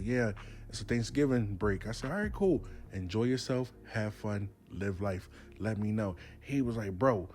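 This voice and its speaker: Animated man telling a story. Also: mid-range voice. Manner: animated, acts out both sides of a dialogue. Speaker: storyteller host. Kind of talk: casual storytelling.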